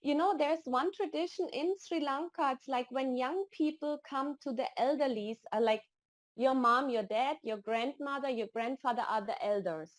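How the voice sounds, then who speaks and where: A woman's voice: sits high, normal speed. A woman guest on a podcast, chatting casually and telling stories with emotion and enthusiasm. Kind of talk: casual interview chat.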